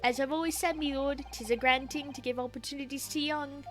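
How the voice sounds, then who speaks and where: A woman voicing a pompous, smooth-talking older gentleman standing trial, speaking in flowery, grand phrases. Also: high voice, steady tone, a little fast, faint music behind. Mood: grandiose.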